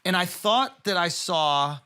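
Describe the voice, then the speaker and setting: A male comedian chatting casually, telling an animated story full of filler words. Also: high voice, slow pace, smooth. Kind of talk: casual chat.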